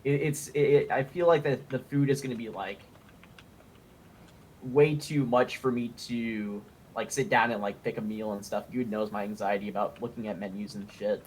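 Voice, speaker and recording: A man's voice: lowish voice, steady tone, normal speed, slight background noise. A man chatting casually on a stream, rambling and hesitant with many fillers. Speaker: stream guest. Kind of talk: casual chat.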